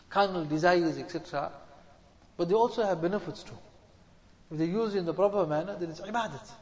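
A man's voice: sits high, a little mellow. Preacher guy, repeats himself to drive it home, muffled echoey hall. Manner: exhorting, repeats phrases for emphasis. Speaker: Islamic preacher. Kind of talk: sermon. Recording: dull echoey hall recording.

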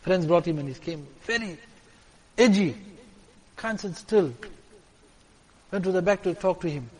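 A man preaching a sermon with stories, repeating lines and swinging from loud to hushed. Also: high-pitched, unhurried. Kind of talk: sermon with storytelling. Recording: reverberant hall.

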